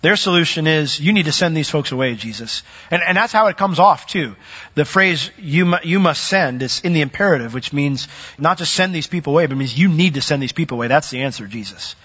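A man preaching a sermon, animated, who acts out the voices of the people in his story. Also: fairly high pitch, a little fast, husky, long reverb tail. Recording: dull lo-fi recording.

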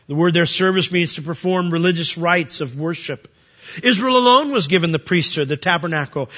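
A man's voice: high-pitched, sharp tone, dull audio. A man preaching a verse-by-verse sermon in a conversational way, asking his listeners questions as he explains the text. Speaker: pastor.

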